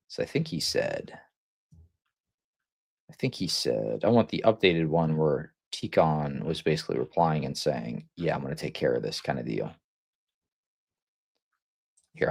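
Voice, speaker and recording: A man's voice: low voice, gravelly, darkish tone, no echo, clean studio sound. Man rambling on a live stream. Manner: rambling and mocking, with frequent restarts and laughter. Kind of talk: casual live-stream commentary.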